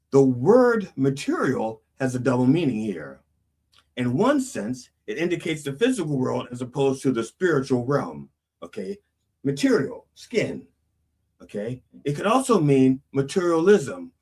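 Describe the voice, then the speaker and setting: Husky, animated man explaining lyrics. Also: mid-range voice. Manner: lively, preachy, peppered with "okay?". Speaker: host. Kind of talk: song lyric commentary.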